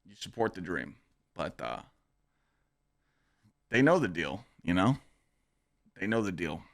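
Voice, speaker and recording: A man's voice: low voice, sing-song, unhurried, vocal fry, dry recording. Man, young, casual podcast host, profane and cocky, dry close sound. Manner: blunt, profane and boastful, rambling pep talk. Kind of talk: casual livestream podcast chat. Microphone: streaming microphone.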